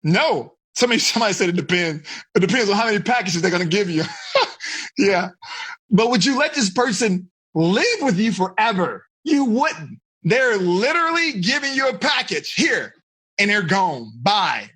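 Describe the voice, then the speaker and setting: A man's voice: high-pitched, very animated, moderate pace, bright, forceful tone, slightly rough. A man teaching teenagers as a life coach, speaking animatedly over a video call and asking the group frequent questions.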